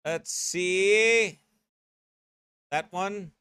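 A man who is a pastor delivering a brash, mocking, rapid-fire rant to an online audience. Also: sits high, pushed and bright, smooth, no room sound, clean studio sound. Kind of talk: online ranting sermon.

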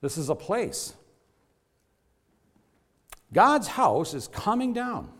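A pastor preaches slowly and with great animation, earnest and emphatic before his congregation. His pitch and volume swing widely, rising and falling to drive points home.

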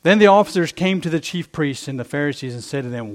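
Male pastor, middle-aged, preaching a sermon, high voice, swooping lively delivery, emphatic repetition. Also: fast.

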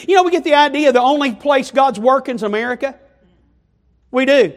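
Male preacher with a very high voice. Delivers a sermon and drives points home with rhetorical questions and repetition. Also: expressive, fairly quick.

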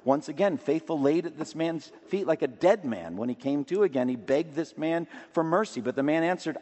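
A man preaching a sermon with emphatic delivery, rising to loud declamation and dropping low again. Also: lively intonation, moderate pace, hardly any pauses. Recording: long reverb of a large hall.

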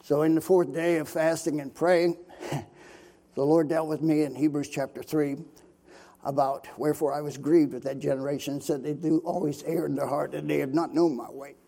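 A man's voice: fairly high pitch, fairly even intonation, normal speed, creaky, dark tone. An older man from Pennsylvania, a missionary preacher, telling his testimony in a folksy sermon style full of fillers. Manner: folksy storytelling with many fillers.

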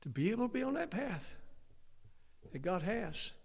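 A middle-aged man preaching a sermon, lively and animated, climbing to near-shouts and acting out his listeners' objections. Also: high-pitched, normal speed, vocal fry, husky. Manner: animated, rising to near-shouts when stirred up; acts out imagined listeners' objections.

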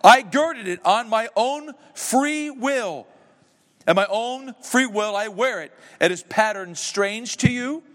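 A pastor reading aloud as a mournful old ghost bound in chains, in a solemn, dramatic way. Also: male voice, very high-pitched, lively intonation, takes it slowly, fairly bright tone, long reverb tail, voice pushed up, exaggerated voice.

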